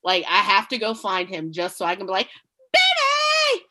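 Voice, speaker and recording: A woman's voice: medium pitch, quick pace. A woman co-hosting a podcast, telling stories in casual chat, acting out other people's voices and laughing often. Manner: lively storyteller, mimics voices, laughs often. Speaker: podcast co-host.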